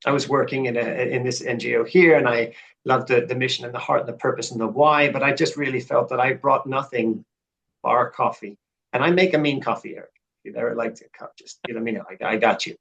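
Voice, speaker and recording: A man's voice: medium pitch, fairly even intonation, a little fast, gravelly, a bit bright, highs cut off. A middle-aged man, a podcast guest, telling his story in an earnest, reflective way that builds to fervent emphasis. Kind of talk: conversational interview storytelling.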